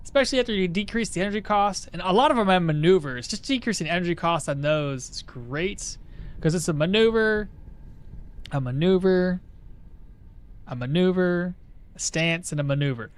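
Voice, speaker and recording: A man streaming a game live, chatty and excitable, explaining his build and answering his chat. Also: high-pitched, normal speed, clear, resonant tone. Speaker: gaming streamer. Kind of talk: live gameplay commentary.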